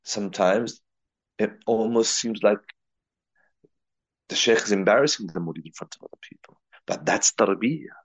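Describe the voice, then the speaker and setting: A man's voice: on the low side, moderate pace, pauses often, dry recording, dull audio. A man from England giving a reflective spiritual talk, telling a personal story and weaving in Arabic and Urdu religious terms. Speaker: religious teacher.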